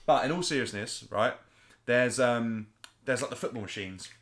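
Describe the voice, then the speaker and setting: Chatty bloke telling a story. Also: male voice, medium pitch, normal speed. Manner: animated storyteller, chatty and laughing. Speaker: podcast co-host. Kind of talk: casual storytelling chat.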